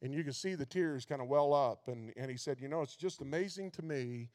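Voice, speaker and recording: A man's voice: fairly high pitch, darkish tone, long reverb tail. A man preaching a sermon in a folksy way, often stumbling over and repeating his words. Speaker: pastor.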